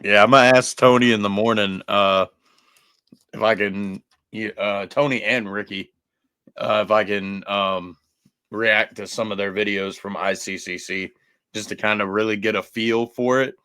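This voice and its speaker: A man co-hosting a podcast in casual chat, relaxed and quick to laugh. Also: lowish voice, clean tone, no room sound. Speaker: podcast co-host.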